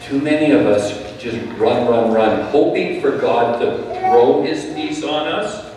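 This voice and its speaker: A man preaching a sermon in a calm, measured way, often dropping his voice softly. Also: medium pitch, slight background noise. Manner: calm, measured preaching with soft drops in volume. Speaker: pastor. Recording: echoey hall, speaker far from the mic.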